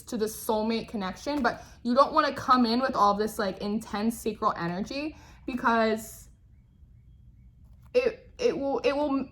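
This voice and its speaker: A woman's voice: a little high, fairly bright tone. A young woman giving a casual, chatty tarot reading, often checking in with "right?" and laughing. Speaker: tarot reader.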